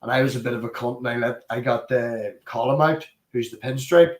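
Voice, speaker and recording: A man hosting a casual chat and telling animated, sweary stories. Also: medium pitch, a little fast. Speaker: podcast host. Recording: roomy echo.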